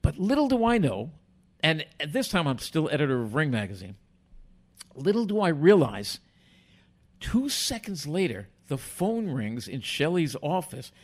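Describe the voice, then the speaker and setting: Older man, animated storyteller. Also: fairly high pitch, normal speed. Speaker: guest, former boxing commissioner. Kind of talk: animated anecdote in a podcast interview.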